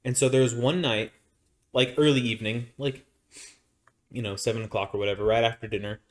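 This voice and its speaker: Speaking a little fast, a male podcast co-host from Arizona uses a mid-range voice with fairly even intonation. His long story wanders casually, full of fillers and restarts.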